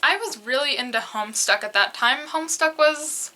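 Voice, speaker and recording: A young adult woman cosplayer telling her own story in a hesitant, unhurried, laughing way. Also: high-pitched, sharp tone, a little hiss or hum. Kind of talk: casual storytelling chat.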